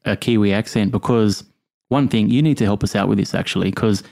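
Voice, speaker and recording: A man hosting a call-in podcast, with a somewhat low voice. He chats casually, jokes and laughs easily with his co-host and callers. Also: brisk, creaky, dark tone. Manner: friendly, banters and laughs easily.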